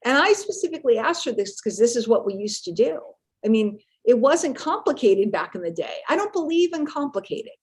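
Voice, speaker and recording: A woman's voice: a little high, big pitch swings, a little fast. A middle-aged woman speaking casually and playfully on a live webinar, repeating herself for emphasis. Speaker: guest speaker on marketing webinar.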